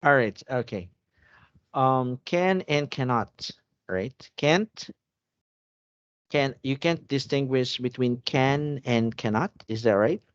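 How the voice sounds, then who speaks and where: A man's voice: mid-range voice, slow, dull audio. A man tutoring English in an online one-on-one lesson, patiently checking that his student understands.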